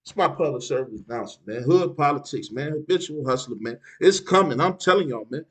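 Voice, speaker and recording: A man's voice: a little high, animated, a little fast, a bit bright, rough recording. A man giving street advice in a casual, preachy monologue, dropping "man" between phrases.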